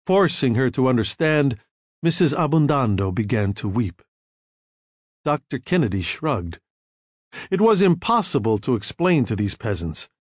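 A man narrating an audiobook in a measured, even manner. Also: mid-range voice, slightly rough, dry recording, studio quality.

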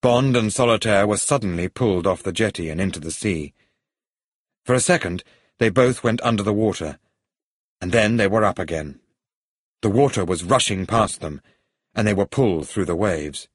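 A man reads an adventure story aloud in a steady, even way. His voice sits low and is slightly husky. The recording is dry and close to the mic. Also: normal speed, dry recording. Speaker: narrator. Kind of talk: audiobook story reading.

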